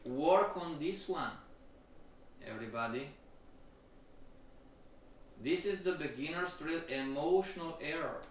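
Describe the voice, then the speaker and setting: Male trading instructor, live-stream lecture; slow, repetitive, keeps checking in with listeners, far off in a very echoey room. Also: on the high side, a little hiss or hum.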